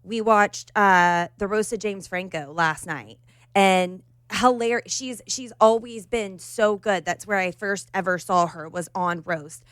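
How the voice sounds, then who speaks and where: A woman's voice: mid-range voice, measured pace, fairly bright tone, clear, resonant tone, no room sound. Chatty woman, dry close sound. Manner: enthusiastic storyteller with restarts. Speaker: podcast co-host. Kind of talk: casual chat.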